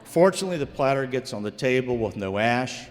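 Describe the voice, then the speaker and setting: Man from Virginia, medium pitch, tells a folksy true tale on stage, casual spoken delivery, hall reverb. Casting: relaxed live storyteller. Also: fairly quick. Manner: folksy, addresses the audience as folks. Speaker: storyteller, former investigator. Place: live stage before an audience.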